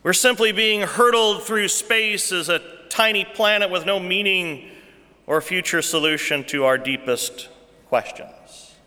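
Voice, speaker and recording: A man preaching a sermon as pastor, repeating rhetorical questions and swinging between hushed, soft lines and loud, emphatic ones. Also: sits high, measured pace, big-room sound.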